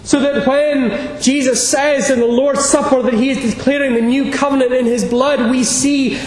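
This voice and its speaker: A man's voice: very high-pitched, a little mellow. A man preaching a sermon, emphatic and at times fervent. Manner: emphatic, rising to fervent declarations. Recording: echoey hall with faint ambient noise.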